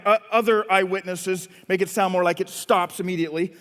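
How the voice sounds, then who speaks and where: A man's voice: high-pitched, flat delivery, fairly quick, fairly bright tone. A male pastor preaching a sermon, telling the story dramatically and acting out scenes, recorded in a church with long reverb. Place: church sanctuary.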